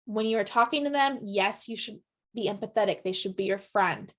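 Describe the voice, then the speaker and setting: A woman's voice: mid-range voice, brisk, a bit bright. A woman leading a real estate team training, upbeat and chatty, often checking in with "right?". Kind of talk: training presentation to colleagues.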